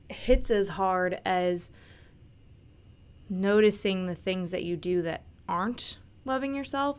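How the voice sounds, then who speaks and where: A young woman hosting a podcast, talking casually with frequent fillers and restarts. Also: medium pitch. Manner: chatty, many fillers and restarts. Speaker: podcast host. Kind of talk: casual monologue on self-love.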